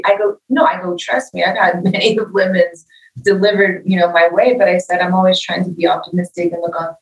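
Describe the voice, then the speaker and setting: Animated woman telling stories in a roomy echo. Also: lowish voice, moderate pace, far from the mic. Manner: animated storyteller, acts out quoted dialogue. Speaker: guest musician. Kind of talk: casual interview talk.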